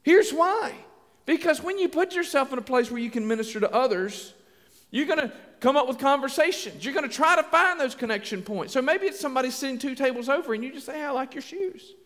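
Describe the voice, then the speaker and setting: A man preaching a sermon as pastor, folksy and animated, acting out little everyday conversations. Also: very high-pitched, quick pace. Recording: long hall reverb.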